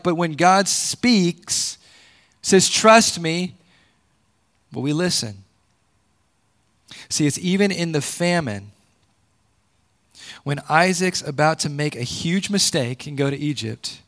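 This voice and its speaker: A pastor delivers a sermon, repeating words as he builds toward his point. His voice swings from loud, emphatic peaks down to low, quiet drops.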